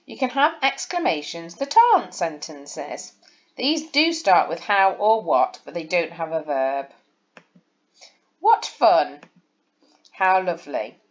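A primary school teacher records a lesson over slides, explaining things to young children patiently and step by step. Her fairly low voice is sing-song and unhurried, and the high frequencies are cut off.

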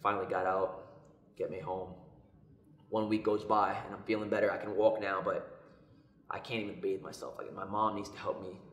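A young man telling a personal story in a casual podcast chat, lively and acting out what others said. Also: fairly low pitch, moderate pace. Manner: animated, acts out quoted voices. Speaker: podcast co-host. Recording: echoey room.

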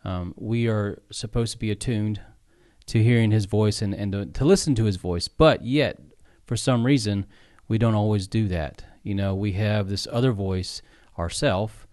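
A low-voiced man co-hosts a casual faith podcast. He offers quick agreement and then reflects at length. The mic is close and dry, with no room sound. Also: darkish tone, dry recording. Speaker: podcast co-host.

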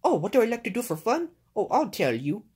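A woman's voice: mid-range voice, big pitch swings, a little mellow, slightly rough. A woman voicing a cheerful male cactus with a put-on Spanish accent, dropping Spanish words in home toy play-acting. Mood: excited. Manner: sprinkles Spanish words, drawn-out "oh, see". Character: cheerful male Mexican cactus, friendly and easygoing.

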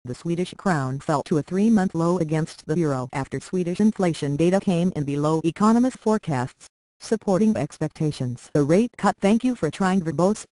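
A computer-generated voice reads financial news with a mechanical, evenly paced delivery, spelling out figures and ticker symbols word by word. The pitch sits in a middle range and the sound is close and dry, with no room around it. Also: lively intonation, normal speed, a little mellow, no echo, poor audio. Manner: reads numbers and symbols literally. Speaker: news reader. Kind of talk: synthetic text-to-speech reading of a news article.

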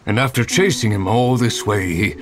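An actor playing a weary man recovering from the cold in a video game, speaking in a slow, tired, earnest way. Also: fairly low pitch, a little hiss or hum, lightly acted.

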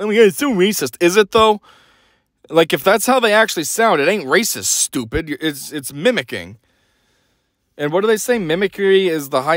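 A man's voice: fairly high pitch, fairly bright tone, dry recording. A young man hosting a podcast, delivering a blunt, sarcastic opinion rant. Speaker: podcast host.

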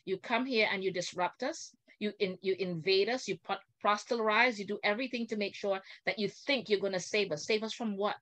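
An older woman, a guest on a video call, telling an indignant story with animated, acted-out quotes. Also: medium pitch, a little fast, few pauses.

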